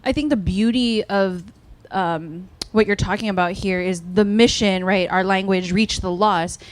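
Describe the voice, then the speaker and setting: A woman's voice: mid-range voice, steady tone, unhurried. A woman chatting casually during a church message, laughing easily and filling her talk with "like" and "right?". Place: church in Hawaii.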